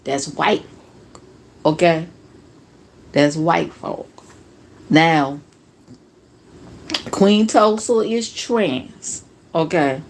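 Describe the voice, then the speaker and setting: A woman's voice: low voice, very slow, long pauses, slight background noise. A woman from New Jersey hosting a casual reaction livestream, talking to viewers in a sarcastic, profane way.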